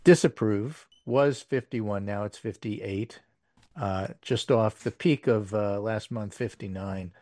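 A man's voice: fairly low pitch, slow, a little mellow, dry recording. A man hosting a casual political talk show, reading poll figures with wry asides and plenty of fillers. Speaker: political podcast host.

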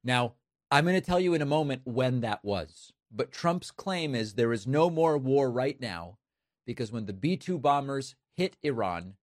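Sarcastic political commentator, male, mid-pitched, dry studio sound. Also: expressive, unhurried, no echo. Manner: emphatic, sarcastic. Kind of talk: opinion commentary.

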